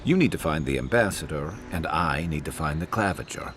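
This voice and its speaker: An actor playing a roguish former soldier and sailor companion in a game, with dry joking banter. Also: male voice, lively intonation, a little fast, fairly bright tone, a little hiss or hum. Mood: wry. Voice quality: very deep, slightly filtered.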